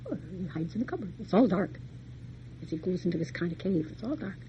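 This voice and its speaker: A woman's voice: fairly low pitch, lively intonation, quick pace, dull audio, a little hiss or hum. A woman lecturer retelling a fairy tale in a folksy, chatty way, full of homey asides. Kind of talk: storytelling lecture.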